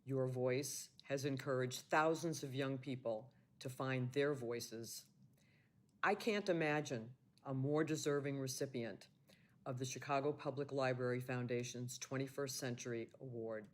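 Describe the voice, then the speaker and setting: A man's voice: mid-range voice, measured pace. Man reading a sincere congratulatory message. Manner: sincere, read from a script.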